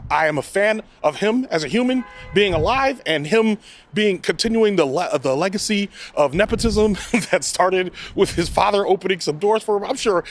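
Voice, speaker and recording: A man giving a casual spoken movie review, animated and rambling, often breaking into mock quotes. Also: high-pitched. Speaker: film reviewer.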